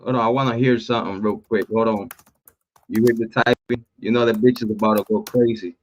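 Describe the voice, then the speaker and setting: A man hosting a livestream, mocking and laughing, with rough language, then greeting his chat warmly. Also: on the low side, steady tone, a little fast. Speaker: livestream host. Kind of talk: casual livestream commentary. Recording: dull lo-fi stream audio.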